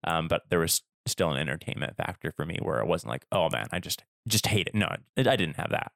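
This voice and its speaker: A man's voice: sits low, lively intonation, fast, creaky, a bit bright, no echo, clean studio sound. A man co-hosting a podcast in casual chat, hesitant and agreeable, often restarting his sentences. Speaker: podcast co-host.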